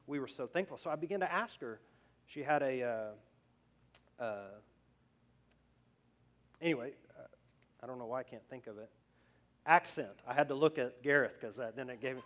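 A pastor preaching a conversational sermon. He often restarts his phrases and grows louder as he drives a point home. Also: medium pitch.

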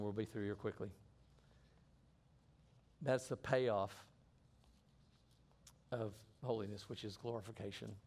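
A man's voice: on the low side, darkish tone. A middle-aged man preaching a sermon in an earnest way, often restarting and repeating phrases. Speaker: pastor.

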